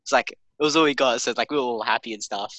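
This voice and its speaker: A man's voice: medium pitch, quick pace, fairly bright tone, no room sound. A young man rambling through a story in casual chat, full of "like".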